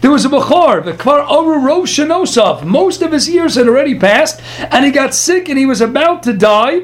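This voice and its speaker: A man with an unusually high voice gives a Torah class. He reads lines from Hebrew texts and puts them into plain English. He tells stories in a lively way and throws quick asides to the room. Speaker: rabbi teaching a class.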